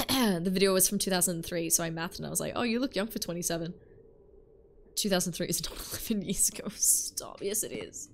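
A woman's voice: fairly low pitch, brisk, vocal fry, few pauses, a little hiss or hum. A woman in her twenties, a streamer chatting casually and playfully with her chat while playing a game, laughing often. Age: 20s. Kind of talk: casual gaming livestream chat.

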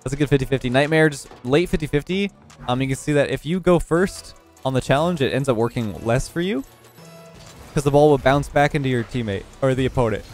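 A young man casually commentating his own match, relaxed and analytical, sleepy and yawning as he has just woken up. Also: medium pitch, brisk, faint music behind.

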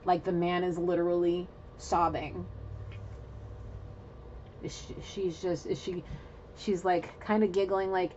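A woman's voice: fairly low pitch, a little slow, long pauses, lo-fi sound, a little hiss or hum. A woman giving an intuitive spiritual reading in a casual, rambling way, talking straight to her viewers and swearing now and then. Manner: excitable, rambling, swears, talks to viewers directly. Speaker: intuitive reader.

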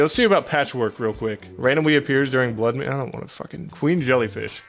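Excitable profane young man gaming. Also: mid-range voice. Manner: excitable, profane, panicky outbursts. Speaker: gaming channel host. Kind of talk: gameplay commentary.

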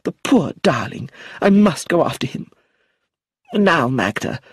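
A man reads an audiobook in a clean, dry studio, putting on an exaggerated voice pitched above his own for a theatrical, gushing middle-aged actress mother. The voice is a little high, very animated and breathy-edged, delivered at a measured pace.

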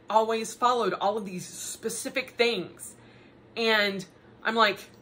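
A middle-aged woman telling a story in a chatty, animated way, with laughing asides. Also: on the high side, takes it slowly. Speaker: podcast host. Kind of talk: casual personal monologue.

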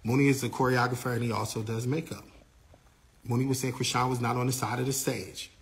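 A man working as a tour manager, retelling events in a casual, animated way and quoting the people involved. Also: medium pitch, quick pace, vocal fry. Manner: animated storytelling, quoting others.

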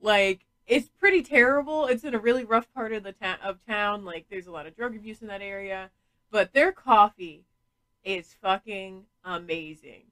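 A woman's voice: mid-range voice, normal speed, fairly bright tone, poor audio. A woman hosting a casual podcast, chatty and frank, laughing often and swearing freely. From New England. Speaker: podcast host.

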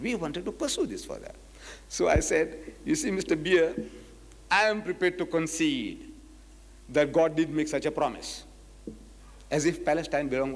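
Man, public lecture, high lively voice, acts out dialogue, long hall reverb. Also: breathy edge. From South Africa. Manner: animated storytelling, acts out dialogues, slows to quote scripture. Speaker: Muslim preacher and debater.

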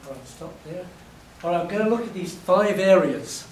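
A man from England giving a university lecture, telling lively stories and acting out his examples, his voice a little hoarse. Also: high-pitched, normal speed. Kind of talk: classroom lecture. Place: lecture hall. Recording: echoey hall, distant mic, faint noise.

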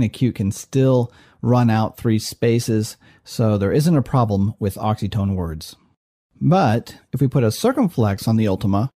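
A man's voice: mid-range voice, mellow, dry recording, clean studio sound. A man teaching Greek in a recorded lecture, explaining step by step and pronouncing terms carefully. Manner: methodical, clearly enunciated explanation. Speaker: Greek professor.

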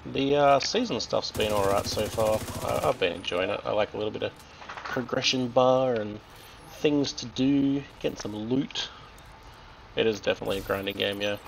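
Playing a shooter game, a man with an Australian accent chats and jokes in a lowish, creaky voice at normal speed. The low-quality recording carries a little hiss or hum, with loud gunfire and explosions behind him.

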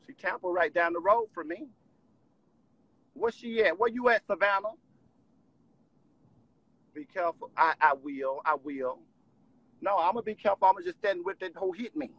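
A high-voiced man with a husky, breathy edge rants on a live stream from home. He is agitated and profane, and he circles back over the same points again and again. The sound is dry and close. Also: lively intonation, normal speed, long pauses, a bit bright, no echo, low-quality recording.

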